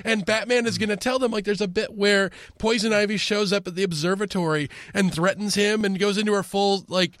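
Animated high-voiced man chatting casually. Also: a little fast, few pauses, no echo, clean studio sound. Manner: animated, acts out quoted lines in funny voices. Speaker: podcast co-host. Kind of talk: casual chat.

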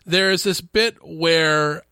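A man co-hosting a casual movie review podcast, talking in a sarcastic, animated way with plenty of swearing. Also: a little high, very slow, smooth, dry recording, clean studio sound. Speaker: podcast co-host.

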